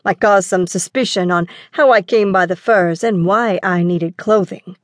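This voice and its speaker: A woman voicing a cautious, responsible boy prince who looks out for his younger brother and talks in a steady, reasoning way. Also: medium pitch, moderate pace, no echo, clean studio sound, lightly acted.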